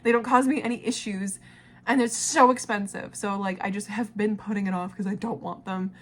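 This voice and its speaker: A woman in her twenties, vlogging casually and talking to her past self, emotional and quick to laugh and tear up. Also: mid-range voice, fairly even intonation. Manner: emotional, laughs and cries easily, swears casually.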